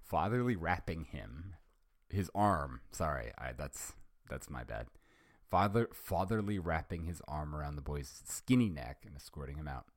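A man's voice: rumbling low, animated, normal speed, no echo, studio quality. A man hosting a podcast, reading fan fiction aloud and chatting hesitantly, with many ums and self-corrections. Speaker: podcast host.

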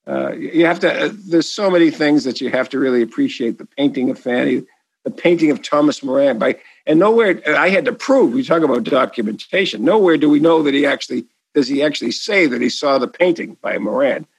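A man's voice: medium pitch, lively intonation, brisk, husky, no room sound, low-quality recording. A man with a Boston accent, an author answering an interview question in a rambling, enthusiastic way full of asides and restarts.

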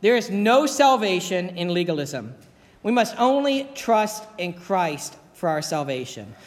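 Male pastor, high voice, earnest sermon delivery, echoes his key lines, long church reverb. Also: big pitch swings, unhurried. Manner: earnest, repeats key phrases for emphasis.

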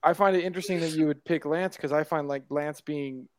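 A man's voice: on the high side, steady tone, a little fast, smooth, dry recording. A man co-hosting a casual sports podcast, curious and asking questions, often repeating himself. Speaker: podcast co-host.

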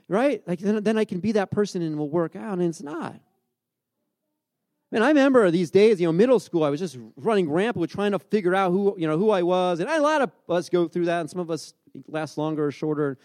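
A man's voice: high-pitched, expressive, quick pace, a little mellow, no room sound, studio quality. A man in his forties giving a sermon in a casual, storytelling way, often restarting his sentences. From grew up by the beach. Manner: conversational, storytelling with many restarts. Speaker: pastor.

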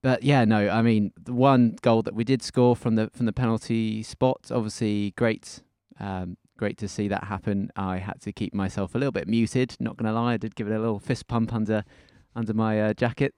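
A man's voice: lowish voice, steady tone, normal speed, few pauses, a little mellow, smooth, no room sound, studio quality. A man co-hosting a casual football podcast, easygoing and self-deprecating, often laughing at himself. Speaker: podcast co-host.

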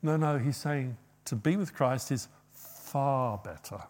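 A man preaching a sermon, rising to loud, emphatic quoted passages and dropping to quiet asides. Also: mid-range voice, slow.

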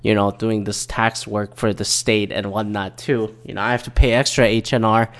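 A man's voice: on the low side, little pitch movement, moderate pace, fairly bright tone. Profane, rambling male podcast host. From Michigan. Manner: profane, rambling, restarts often. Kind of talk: casual solo podcast rant.

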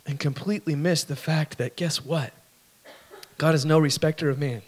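Male preacher with a high voice, chatty and storytelling, works the room with questions and short character voices. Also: moderate pace, a bit bright. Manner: storytelling with acted-out voices and laughs; conversational, asks the audience questions. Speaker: pastor. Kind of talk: sermon.

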